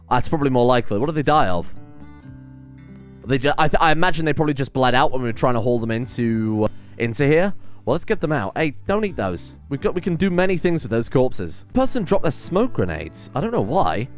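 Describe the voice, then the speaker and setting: A young man hosting a casual let's-play, chatting and rambling with frequent ums and quick exclamations of surprise. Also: mid-range voice. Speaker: gaming channel host.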